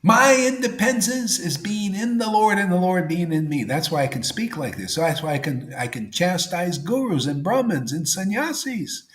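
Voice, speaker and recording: A man preaches a devotional talk in a lively, up-and-down voice that sits a little high. He talks casually, tossing in 'see' and 'man', and drops from loud emphasis to near-whispers. The room is echoey. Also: normal speed, few pauses. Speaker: spiritual teacher. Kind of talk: devotional sermon.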